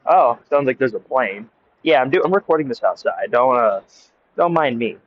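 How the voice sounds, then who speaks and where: This young American storyteller vlogger speaks at medium pitch and normal speed, expressive as he casually rambles through a story outdoors and laughs often. Earbud mics capture him in a dry, muffled, lo-fi recording.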